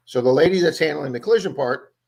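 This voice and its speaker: A man's voice: on the high side, fast, gravelly, darkish tone, rough recording. A man hosting a casual livestream chat, telling long stories and often repeating words as he goes. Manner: chatty storyteller, repeats words. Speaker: livestream host.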